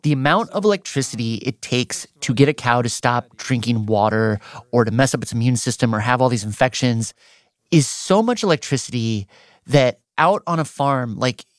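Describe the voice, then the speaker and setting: A man hosting a story podcast, explaining findings in a clear, storytelling way. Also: mid-range voice, animated, moderate pace, no echo. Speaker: podcast host and reporter.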